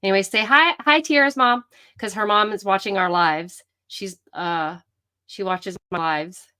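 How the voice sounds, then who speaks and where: A middle-aged woman hosting a livestream, chatting excitedly and greeting viewers by name. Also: mid-range voice, unhurried, clean tone. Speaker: livestream host. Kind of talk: casual livestream chat.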